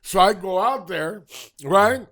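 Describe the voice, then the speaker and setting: A man's voice: high-pitched, slow pace. A man telling rambling, profane stories in casual chat, acting out the people he quotes. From Southern California. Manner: profane, rambling, animated retelling with quoted voices. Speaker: podcast guest storyteller.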